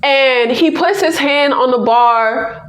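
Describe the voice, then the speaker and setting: A woman recapping a TV episode in an excited, casual way, exclaiming and laughing as she addresses viewers directly. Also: high-pitched, slow pace, echoey room. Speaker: TV episode reviewer.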